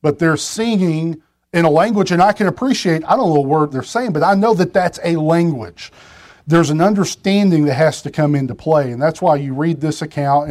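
A man's voice: fairly high pitch, a little mellow. A man preaching a sermon from a pulpit, talking in a conversational way with restarts and side remarks to the congregation. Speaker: pastor.

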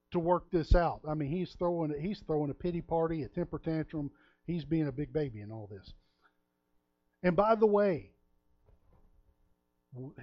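A man's voice: fairly high pitch, no room sound. A man preaching a sermon in a folksy, storytelling way, acting out the people in the story. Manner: folksy, storytelling, acts out quotes. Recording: dull, dry lo-fi sound.

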